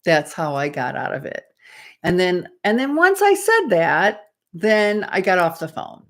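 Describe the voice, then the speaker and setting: A woman's voice: lowish voice, big pitch swings, a little slow. Chatty woman dating coach in her fifties. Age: 50s. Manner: chatty, rambling, acts out quoted dialogue. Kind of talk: casual advice storytelling.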